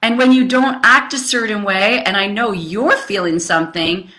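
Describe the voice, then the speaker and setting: A woman's voice: mid-range voice, moderate pace, pushed and bright. A woman giving a casual live coaching talk on relationships, speaking candidly and emphatically, swearing freely and rambling with fillers. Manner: rambling with frequent fillers and restarts.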